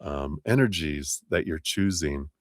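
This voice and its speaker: A man's voice: a bass voice, unhurried, dry recording, studio quality. A man doing a live tarot reading, musing and easygoing, with many fillers and restarts. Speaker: tarot reader.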